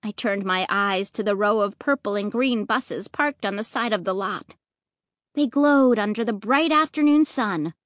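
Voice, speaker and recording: A woman reading a children's story aloud, expressive and lively, acting out the dialogue. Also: mid-range voice, a little slow, no echo, studio quality. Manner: lively, voicing dialogue with rising excitement. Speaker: audiobook narrator.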